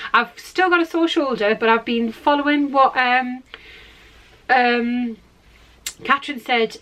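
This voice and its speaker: A middle-aged woman with a slightly high voice hosts a knitting podcast. She chats in a rambling, self-deprecating way, holding pieces up to the camera as she goes. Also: a bit bright. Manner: shows knitting to the camera while talking. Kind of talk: casual chat.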